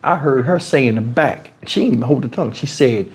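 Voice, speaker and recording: A man telling a story on a livestream in an animated, profane way, his pitch swinging dramatically, on a lapel mic. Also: a little fast. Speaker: storytime streamer. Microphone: wireless lapel mic.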